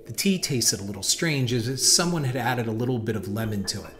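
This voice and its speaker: A man giving a measured, dramatic scripted narration of a horror story. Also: medium pitch, lively intonation, fairly bright tone. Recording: noisy hiss behind voice.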